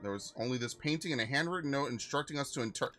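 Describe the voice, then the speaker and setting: Man reading tomb keeper, solemn, formal, measured, bright voice. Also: mid-range voice, expressive, soft background music, close to an everyday voice.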